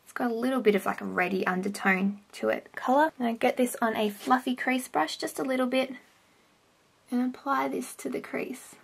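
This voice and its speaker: Chatty young woman, gravelly edge. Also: a little high, normal speed. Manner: chatty, rambling with self-corrections. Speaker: vlogger. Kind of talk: casual makeup tutorial vlog. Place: home, indoors. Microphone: camera on a stand close by.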